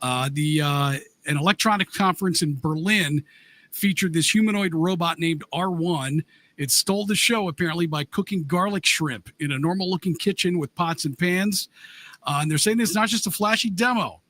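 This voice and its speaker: A man co-hosting a casual podcast, his voice high and bright as he reads out offbeat news items. Between stories he teases his partner in easy banter. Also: normal speed. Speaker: podcast co-host.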